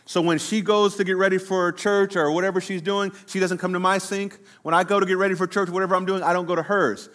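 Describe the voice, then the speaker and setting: A middle-aged pastor preaching a sermon to his congregation, slowing down and drawing out words for emphasis. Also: high voice, level tone, a bit bright. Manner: preaching to a congregation, addressing the room directly; slows down and draws out words for emphasis.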